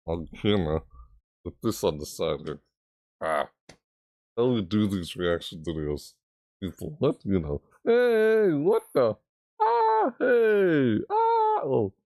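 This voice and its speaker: A man who makes gaming videos, chatting casually to camera, reading out viewer messages and answering them in a rambling way, with sudden high yelps. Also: darkish tone, no echo, clean studio sound. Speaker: gaming YouTuber reacting to trailers and chat.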